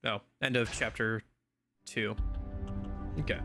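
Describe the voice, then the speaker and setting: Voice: mid-range voice, animated, moderate pace, a bit bright, soft background music. A let's-play streamer giving casual commentary on a game, chatty and exasperated, packing the talk with "like" as they pick apart the plot. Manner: heavy use of "like" filler.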